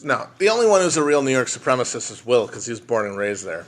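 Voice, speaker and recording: A man's voice: medium pitch, big pitch swings, quick pace, hardly any pauses, a bit bright. A man hosting a casual livestream chat, answering viewer questions in a blunt, profane, joking way. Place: indoors at home, streaming. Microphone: phone livestream.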